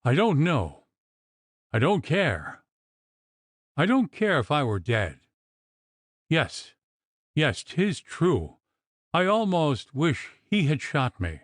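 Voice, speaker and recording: A man voicing a desperate, agitated young gentleman in an audiobook, with a piercing, trembling, pleading voice. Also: on the high side, wildly swooping pitch, slow pace, pauses often, no echo, studio quality, pitched above the performer's own voice, exaggerated voice. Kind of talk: audiobook character reading.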